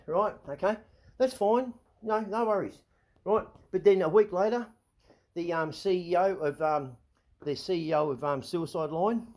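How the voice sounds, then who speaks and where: Venting to the camera, this middle-aged Australian man hosts a vlog and delivers a ranting monologue full of swearing and agitation. His voice sits slightly higher than the typical male range and is a little mellow, and he keeps repeating himself and starting over.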